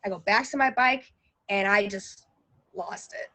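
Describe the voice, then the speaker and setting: A woman telling a personal story in a lively, animated way, often laughing and acting out her own panic. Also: mid-range voice, measured pace, rough recording.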